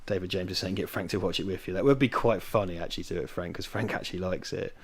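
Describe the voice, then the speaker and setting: A man's voice: low voice, fast, slightly rough. A man, co-hosting a watch-party stream in rambling, sweary casual chat, laughing often.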